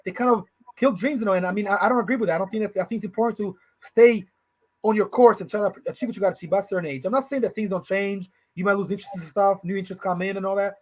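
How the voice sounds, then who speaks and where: A man in his thirties rattles along at a very fast clip in a rather high voice. He co-hosts a podcast in loose, slangy chat, and he keeps dropping "bro" and "you know" as he rambles on. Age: 30s. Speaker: podcast co-host.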